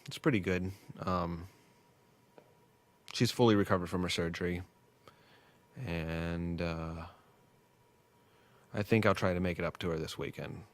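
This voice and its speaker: A man's voice: deep voice, fairly even intonation, a little slow, pauses often. A man rambling casually as host of a test livestream at work, joking and losing his train of thought. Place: workplace.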